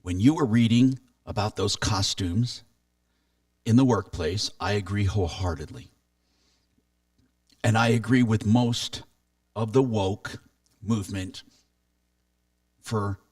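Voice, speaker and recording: A man's voice: lowish voice, slow, pauses often, darkish tone, no room sound, distant mic. A man hosting a consumer talk radio show, chatting casually and reading listener texts aloud.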